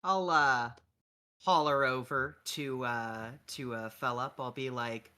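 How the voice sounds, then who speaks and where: A man's voice: medium pitch, steady tone, slow pace, pushed and bright, clean tone. A man playing a tabletop game, describing his character's actions casually with lots of fillers. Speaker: player.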